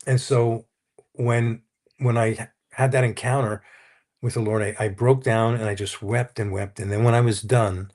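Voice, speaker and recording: A man's voice: medium pitch, steady tone, normal speed, darkish tone. A man, a Christian counselor, earnestly telling his personal testimony in a conversational interview. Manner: earnest, anecdotal, quotes others as he tells the story.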